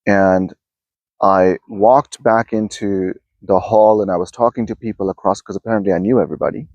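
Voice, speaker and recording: Speaking at a moderate pace in a lowish, darkish voice with fairly even intonation, a man rambles casually to camera outdoors in his backyard for a self-help video, frequently restarting sentences. The lo-fi audio has no echo.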